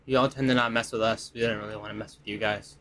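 A man's voice: fairly low pitch, level tone, quick pace, a bit bright, lightly acted. A man voicing a blunt offhand fighter. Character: blunt fighter who avoids politics.

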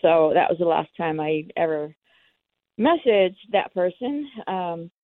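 A woman's voice: lowish voice, expressive, measured pace, no room sound. A woman telling her own story in an interview, candid and acting out the dialogue. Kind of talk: personal storytelling. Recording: tinny phone line, dry.

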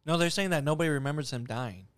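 A man's voice: a little high, fast talker, fairly bright tone, dry recording, studio quality, soft background music. A man co-hosting a podcast in casual chat, insistent and teasing. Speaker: podcast co-host.

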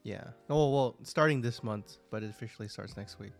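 A man in a casual chat among friends, giving brief, low-key answers. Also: brisk, creaky, soft background music.

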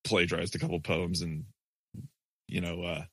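A man's voice: sits low, level tone, moderate pace, slightly rough, no room sound. A laid-back man in his forties chatting wryly about raising kids. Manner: laid-back, wry, laughs at himself. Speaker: podcast co-host. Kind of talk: casual chat.

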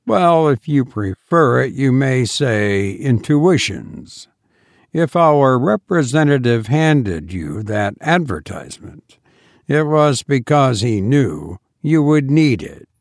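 A suave undertaker talks with unhurried, pleasant menace, as a man reads him. His voice is slow and gravelly. The sound is dry and close. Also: medium pitch, big pitch swings, dry recording. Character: suave, sinister male undertaker, calm and polite.

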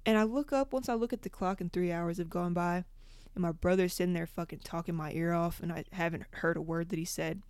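A young woman hosting a podcast, telling a story in a casual, profane, animated way. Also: lowish voice, brisk, clean tone, dry recording. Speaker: podcast host.

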